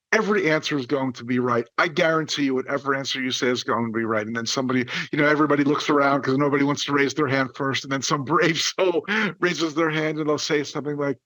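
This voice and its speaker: Man, podcast host, bright forceful voice, dry close sound, lively and exaggerated. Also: on the high side, dry recording. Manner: animated, exaggerated, playful delivery with acted-out quotes. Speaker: podcast host and dental coach. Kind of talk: energetic podcast monologue.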